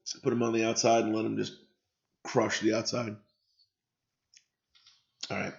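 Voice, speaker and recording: A man's voice: lowish voice, completely flat delivery, normal speed, creaky. Man hosting a lo-fi live stream. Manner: chatty, reacting to viewer comments, swears freely. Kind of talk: casual live stream reaction.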